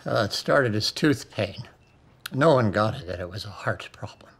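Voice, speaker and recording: An actor playing a bitter, dying male classics professor who talks in a quiet, probing way. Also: on the low side, expressive, normal speed, vocal fry, breathy edge, exaggerated voice. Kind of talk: TV drama acting.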